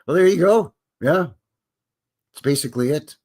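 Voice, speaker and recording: Canadian guy rambling on his livestream, lively up and down voice, keeps laughing at his own jokes. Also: fairly high pitch, normal speed. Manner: rambling, jokey, chuckles to himself. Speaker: livestream host. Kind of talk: casual live-stream chat.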